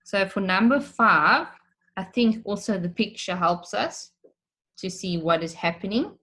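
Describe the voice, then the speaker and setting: Slow, patient woman teaching a lesson. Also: mid-range voice, lively intonation, sharp tone. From South Africa. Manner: patient, explains step by step, repeats questions. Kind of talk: recorded online lesson for children.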